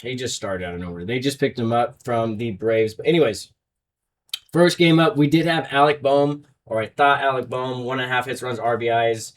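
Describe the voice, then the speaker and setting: A man's voice: mid-range voice, distant mic. Casting: young male betting-show host, heated rant, sits back from the mic. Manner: heated, fast-swinging rant, loud then muttering. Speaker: sports betting podcast host. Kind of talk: ranting sports betting podcast.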